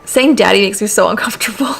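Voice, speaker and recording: A woman's voice: on the high side, moderate pace, vocal fry, a bit bright, soft background music. A young adult woman hosting a gaming video, reading a horror story aloud with chatty, sarcastic commentary and casual swearing. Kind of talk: let's play commentary.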